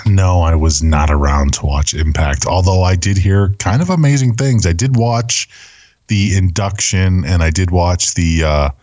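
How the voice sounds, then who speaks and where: A man's voice: low voice, a little slow, a little mellow, dry recording, highs cut off. A man co-hosting a wrestling podcast, agreeing along and chiming in with short replies in casual chat. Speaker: podcast co-host.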